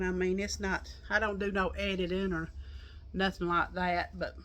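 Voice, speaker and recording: A woman's voice: on the low side, sharp tone. A woman, chatting to her viewers in a folksy, rambling way and a little out of breath. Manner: folksy, chatty storytelling with laughs. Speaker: crochet vlogger. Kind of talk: casual chat to viewers. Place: outdoors on a porch.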